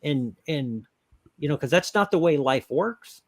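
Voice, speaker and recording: A man talks earnestly and thoughtfully on a live web talk show. His voice sits a little high, and the recording is dry and close. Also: animated, a little slow, dry recording. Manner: reflective, earnest. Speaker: co-host. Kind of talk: casual chat.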